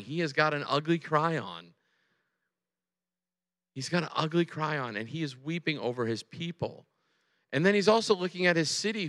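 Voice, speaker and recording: A man in his forties preaching a sermon in a large hall, conversational and animated, often checking in with his listeners. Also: a little high. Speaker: pastor. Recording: long hall reverb.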